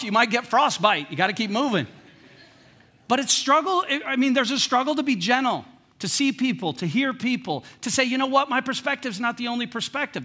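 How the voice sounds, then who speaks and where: Bright-voiced pastor preaching. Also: male voice, high voice, slightly rough. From United States. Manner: conversational and humorous, swinging between hushed and emphatic. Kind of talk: sermon. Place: church sanctuary.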